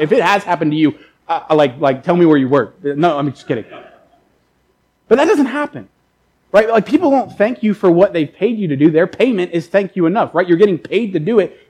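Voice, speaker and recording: A man's voice: high-pitched, a little mellow, slightly rough, low-quality recording. A man preaching a sermon in a casual, conversational way, with many fillers and repeated words, acting out characters in quoted asides. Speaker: pastor.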